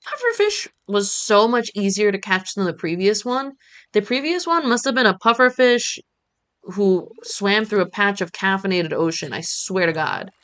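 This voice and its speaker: A woman's voice: mid-range voice, animated, normal speed, a bit bright, smooth. A woman streamer chatting playfully while she plays, talking to the game as she goes. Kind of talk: casual gameplay chat.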